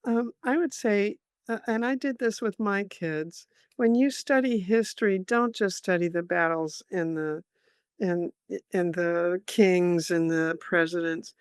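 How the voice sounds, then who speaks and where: A woman's voice: lowish voice, a little slow, smooth, dry recording, studio quality. An older woman, a storyteller being interviewed, telling travel anecdotes, acting out the people she quotes and laughing often. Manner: lively storyteller who acts out quoted voices and laughs often. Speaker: storyteller guest.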